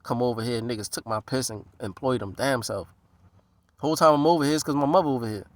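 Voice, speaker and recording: Man, east coast, casual monologue, profane, streetwise, lively pitch swings, dry close sound. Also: quick pace, dry recording. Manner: animated, profane, streetwise, slips into voices of others.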